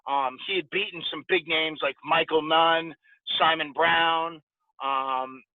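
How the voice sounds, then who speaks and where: A man in his forties, a podcast guest, casually telling lively stories and acting out the dialogue. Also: fairly high pitch, slow pace. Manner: animated anecdote-telling with quoted dialogue. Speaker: podcast guest, former boxer. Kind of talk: casual storytelling interview. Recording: dry, tinny phone-like sound.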